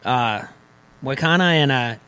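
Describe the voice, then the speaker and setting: A man hosting a sports podcast, chatting casually, asking quick questions and correcting himself. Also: medium pitch, bright, forceful tone, clear, resonant tone.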